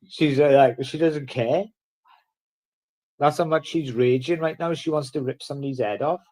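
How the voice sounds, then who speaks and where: A man's voice: a little high, a little slow, pauses often, darkish tone. A man from the in a casual vlog, ranting bluntly and swearing heavily. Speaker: vlogger.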